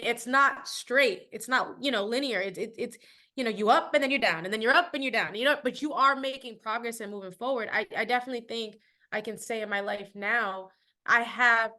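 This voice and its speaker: Woman, podcast guest, bright tone, fairly high voice, casual reflective chat. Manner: reflective, chatty, many fillers.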